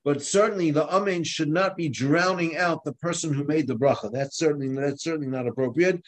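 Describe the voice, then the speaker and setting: A man with a slightly raised voice gives a religious class on the laws of prayer. He talks in a halting, explanatory way, restarting his sentences and stopping to sound out words for his students. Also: a little high. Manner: halting, with many restarts and fillers; explanatory, demonstrating pronunciation. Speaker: Torah teacher. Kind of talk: halacha class lecture.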